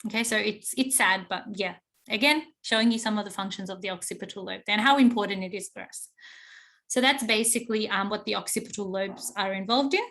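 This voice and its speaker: A young adult woman, a psychology teacher explaining to her class, often checking in with "okay?" and pausing on fillers. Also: medium pitch, fairly bright tone. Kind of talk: recorded online class lecture.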